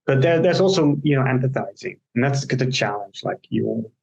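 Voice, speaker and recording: A man's voice: medium pitch, animated, normal speed, gravelly, a little mellow, poor audio. A man co-hosting a casual discussion on coaching. He explains ideas by walking through examples and anecdotes. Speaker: agile coach, podcast co-host.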